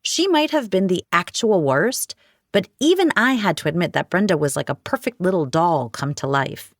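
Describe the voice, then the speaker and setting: A woman narrating a romance audiobook in the first person, with wry, expressive storytelling. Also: fairly low pitch, normal speed, no echo, studio quality.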